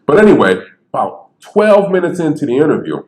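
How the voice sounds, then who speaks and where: A man who stutters, telling stories on stage in a lively, conversational way and acting out the people he quotes. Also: on the high side, fairly quick. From Bridgeport, Connecticut. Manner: animated, conversational, acts out quotes. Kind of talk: storytelling talk. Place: theater stage. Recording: echoey theater.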